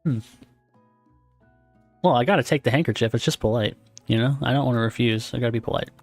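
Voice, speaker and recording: A man talks casually into a desk mic while he streams a game, chatty and quick to laugh at himself. His voice sits at an ordinary middle pitch. The sound is close and dry, with soft music faint underneath. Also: no echo. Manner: chatty, self-deprecating, laughs often. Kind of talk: casual game commentary and reading aloud.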